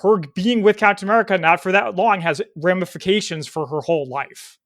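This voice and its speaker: A male podcast co-host with a high voice talks through his ideas in a casual, animated way. He thinks out loud as he goes and leans on "like" as a filler. He is recorded on a podcast mic. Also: brisk. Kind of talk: casual chat.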